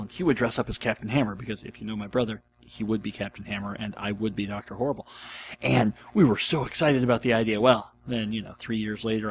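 A middle-aged man hosting a podcast, answering listener questions in a rambling, jokey, animated way. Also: medium pitch, slight background noise. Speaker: podcast host.

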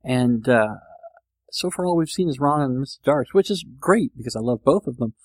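A man's voice: medium pitch, lively intonation, moderate pace, no room sound. A man hosting a podcast, rambling casually and teasing himself, with many restarts. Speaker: podcast host. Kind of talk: casual monologue.

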